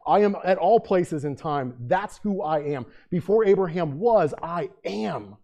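A man preaching a sermon in a conversational way, reading scripture aloud with loud emphasis. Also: high voice, lively intonation, measured pace. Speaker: pastor.

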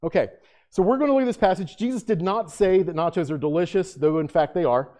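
Guy pastor doing a bible study, kinda high voice but mellow, jokey asides, gets quiet and serious when praying. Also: fast. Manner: joking, animated teaching with asides to the room; drops to a hushed, earnest tone in prayer. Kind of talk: conversational sermon. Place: in a room with a live audience.

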